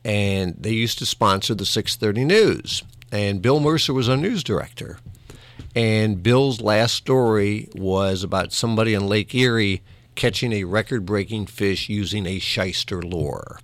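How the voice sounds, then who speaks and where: A former morning radio host telling old stories in a relaxed conversational way, self-deprecating and laughing often, with small restarts. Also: male voice, lowish voice, measured pace, no room sound. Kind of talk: conversational storytelling.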